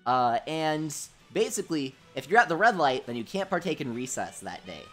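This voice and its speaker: Animated young man telling stories on stream. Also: a little high, normal speed, faint music behind. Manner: animated storyteller, says "dude" a lot, laughs at his own jokes. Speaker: livestream host. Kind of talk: casual gaming livestream storytelling.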